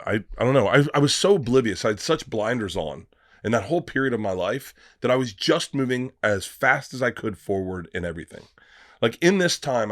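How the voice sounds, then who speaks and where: A comedian guesting on a podcast tells stories casually and animatedly, doing the voices of his characters and swearing freely. His voice is mid-range, and the podcast studio recording is clean with no echo.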